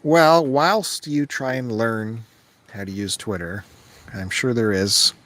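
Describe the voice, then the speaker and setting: A man's voice: medium pitch, slow, fairly bright tone. A man co-hosting a podcast over a call, chatting casually in a joking, sarcastic way. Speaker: podcast co-host.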